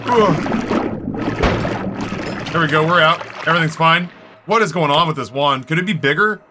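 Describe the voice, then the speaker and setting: Wry, profane man streaming a game. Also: quick pace. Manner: wry, profane running commentary, sudden high yelps. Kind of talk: casual gameplay commentary. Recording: game music loud behind voice.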